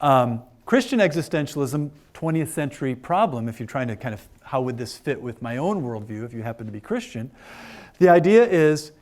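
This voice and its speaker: A man's voice: medium pitch, big pitch swings, brisk, a little mellow. A man giving an informal philosophy lecture to a class of older adults, chatty and joking with frequent fillers. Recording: lecture room.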